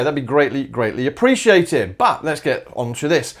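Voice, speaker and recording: A sing-song, higher-pitched voice belongs to this Australian maths teacher, who moves at a moderate pace with hardly any pauses. He thinks aloud through exam solutions step by step, chatting casually and dropping "all right" and "uh" along the way.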